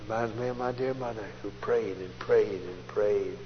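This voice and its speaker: Folksy preacher on an old tape. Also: male voice, on the low side, normal speed. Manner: folksy storytelling, swings from loud outbursts to hushed asides. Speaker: preacher giving testimony. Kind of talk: testimony sermon. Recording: dull old tape recording in a large hall, faint hiss.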